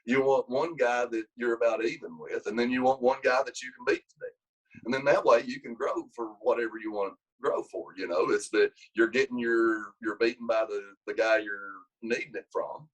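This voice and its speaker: A medium-pitched man talks at normal speed on a low-quality recording. He's a wrestling coach in an interview relating a long story, wandering and restarting sentences, lively when he acts out quotes.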